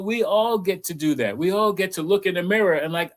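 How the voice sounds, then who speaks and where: A man, a reverend, giving a reflective spiritual talk and leading slow guided affirmations with pauses and repeated phrases. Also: a little high, sing-song, a bit bright.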